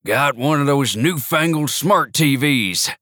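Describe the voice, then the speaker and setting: A man's voice: medium pitch, expressive, a little slow, fairly bright tone, no room sound, clean studio sound, voice pushed up. A man reading an audiobook, voicing a proud, cheerful elderly grandfather who boasts with delight. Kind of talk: audiobook character voice.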